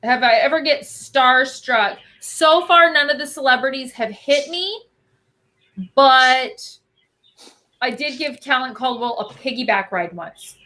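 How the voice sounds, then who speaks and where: A woman's voice: sits high, animated, measured pace, sharp tone. A woman guest chatting casually and bubbly, answering viewer questions about cosplay. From Albuquerque. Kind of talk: casual chat.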